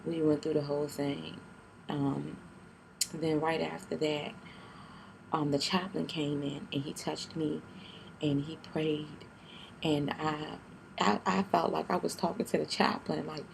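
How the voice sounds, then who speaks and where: A young woman telling a personal story in a vlog, halting and tearful, with many fillers and restarts, keeping her voice down. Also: low voice, flat delivery, gravelly, a little mellow, slight background noise, poor audio. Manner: keeps her voice down. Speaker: vlogger.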